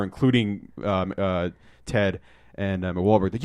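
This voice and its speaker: A man's voice: fairly low pitch, steady tone, fairly quick, darkish tone, no echo, clean studio sound. A man casually chatting as a podcast co-host, rambling with lots of ums and acting out movie lines. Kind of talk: casual chat, movie review.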